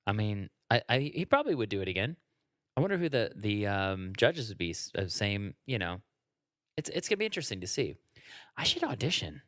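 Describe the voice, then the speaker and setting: A man's voice: fairly low pitch, sing-song, fairly quick, a bit bright, no echo, clean studio sound. A man, a comedian, joking around in a casual podcast conversation. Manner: jokey, plays with voices and sings comic songs. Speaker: comedian guest.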